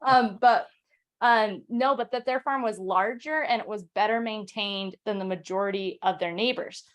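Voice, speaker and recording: Speaking from home, this young podcast host runs a relaxed history talk in a mid-range voice. Her delivery is fast and chatty, with fillers, restarts, and quotes read aloud.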